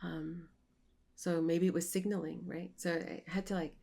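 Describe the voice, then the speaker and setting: A woman co-leading an online mindfulness class, telling personal stories in an animated way and laughing as she talks. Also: lowish voice, moderate pace, creaky. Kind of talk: casual storytelling chat. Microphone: online video call.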